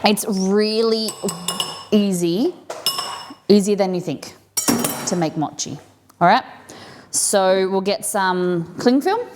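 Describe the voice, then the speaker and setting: A woman's voice: mid-range voice, takes it slowly, long pauses, noisy background. A woman hosting a live cooking stream, chatting casually and thinking aloud as she works in a home kitchen.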